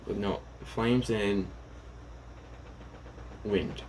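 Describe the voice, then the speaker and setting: A man casually retelling a fan story out loud, rambling with many fillers and self-corrections. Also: on the low side, steady tone, very slow, slight background noise, poor audio.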